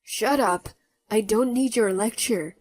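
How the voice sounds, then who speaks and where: Story read: woman playing an indignant ex-husband, slow, defensive. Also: a little high, a little mellow, slightly rough. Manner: indignant, whiny. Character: angry defensive male ex-husband. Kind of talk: storybook narration. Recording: faint background music.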